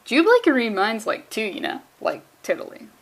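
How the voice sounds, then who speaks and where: A woman reading a comic book aloud in a casual way, breaking off for sarcastic, deadpan jokes and stumbling over words. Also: on the high side, brisk, vocal fry.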